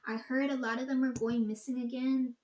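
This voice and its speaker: A woman's voice: high-pitched, level tone, fairly quick, darkish tone, reverberant. A young woman rambling to her audience in a casual monologue, swearing often and talking emphatically.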